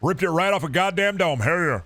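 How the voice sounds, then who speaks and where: A man doing an impression of a brash tough-guy wrestler, bragging with shouted catchphrases. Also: high-pitched, expressive, a little fast, no echo, pitched above the performer's own voice. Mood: macho. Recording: game noise behind.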